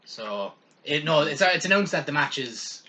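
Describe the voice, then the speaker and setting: A young man with an Irish accent chats loosely as a podcast co-host, rambling, joking and swearing. He sometimes talks with his mouth full. His tone is bright and forward. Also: a little high, lively intonation, moderate pace. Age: young adult. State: eating while talking. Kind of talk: casual chat.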